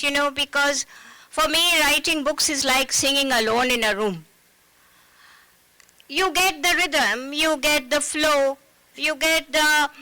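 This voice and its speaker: Bright high-voiced woman author. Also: dry recording, low-quality recording. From India. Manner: reflective, with frequent fillers. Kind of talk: festival panel conversation.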